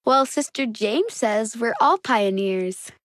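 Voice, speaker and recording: A cheerful, curious young girl from a children's storybook, as a woman reads her aloud. The voice sits fairly high and sounds dry and close, with an earnest, eager way of speaking. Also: animated, slow, a bit bright, no room sound. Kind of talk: children's magazine story reading.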